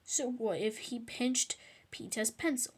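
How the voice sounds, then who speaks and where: A woman's voice: a little high, measured pace, husky. A woman reading a children's book aloud, adding chatty asides. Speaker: storyteller.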